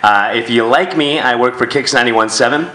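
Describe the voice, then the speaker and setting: On a comedy club stage, a man does a stand-up set into a handheld mic, telling crude, self-deprecating stories. His medium-pitched voice is brisk with a sharp tone, and the club room sounds echoey.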